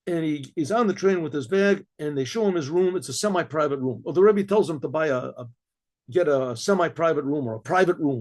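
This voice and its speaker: A middle-aged rabbi telling a story aloud, with frequent throat clearing and many repeated, restarted words. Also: male voice, a little high, darkish tone. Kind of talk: spoken story narration.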